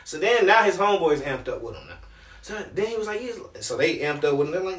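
High, animated man telling a story. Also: quick pace. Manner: animated, profane, acts out quoted voices. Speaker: podcast co-host telling a work story. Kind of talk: casual storytelling chat. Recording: echoey room, distant mic.

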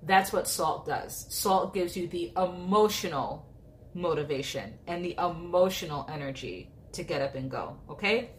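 Young female nutrition coach, informal and talkative, slightly lower pitch, fond of fillers and check-ins. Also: expressive, moderate pace, slight background noise. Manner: chatty, informal, lots of "like" and "okay?". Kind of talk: casual educational talk to camera.

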